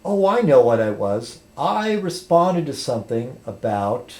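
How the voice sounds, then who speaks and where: A man's voice: mid-range voice, big pitch swings, unhurried, a little mellow. A man rambling casually on a webcam vlog, chatty and full of ums and restarts. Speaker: video blogger.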